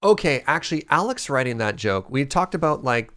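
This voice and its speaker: A man's voice: medium pitch, sing-song, brisk, fairly bright tone. A man streaming a game live, chatting casually and playfully, reading out and thanking his viewers.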